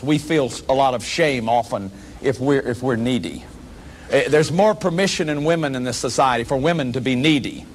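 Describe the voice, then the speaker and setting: A man's voice: a little high, slight background noise. A man giving a public lecture as a workshop leader, earnest and emphatic, often repeating words as he restarts.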